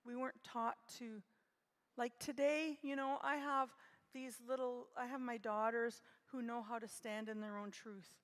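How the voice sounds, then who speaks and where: A woman in her sixties telling a personal story at a conference in a gentle, reflective way. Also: on the high side, steady tone, a little slow. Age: 60s. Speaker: conference speaker. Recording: long hall reverb.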